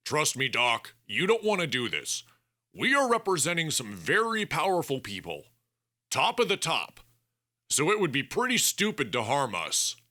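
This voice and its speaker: A man's voice: medium pitch, wildly swooping pitch, normal speed, sharp tone, voice pushed up, heavily acted. A man voicing a wry young male captive who bluffs and jokes under threat. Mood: bluffing. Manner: sarcastic, bluffing.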